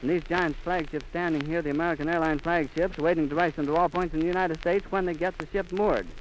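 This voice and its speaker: High-voiced 1930s radio reporter outdoors. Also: male voice, fairly even intonation, quick pace, low-quality recording. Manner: florid, announcer-style description; frantic, sobbing, breathless outcry. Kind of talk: live on-the-spot radio commentary. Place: outdoors at an airfield in rain. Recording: 1930s archive recording with faint rain noise.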